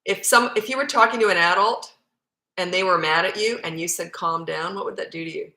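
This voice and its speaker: A woman's voice: mid-range voice, fast talker, bright, forceful tone. A woman parenting coach answering viewer questions live, speaking in a blunt, emphatic way. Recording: echoey room.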